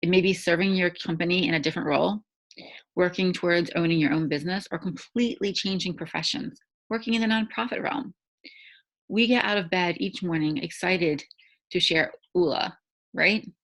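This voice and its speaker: Woman, devotional teaching talk, husky low voice, conversational, tag questions. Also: moderate pace, fairly bright tone, low-quality recording. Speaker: faith-based challenge host.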